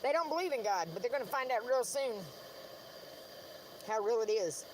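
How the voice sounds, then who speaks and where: High-voiced woman streamer, combative, foul-mouthed, rambling rant. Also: animated, normal speed, background noise. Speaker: livestreamer. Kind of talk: ranting livestream monologue.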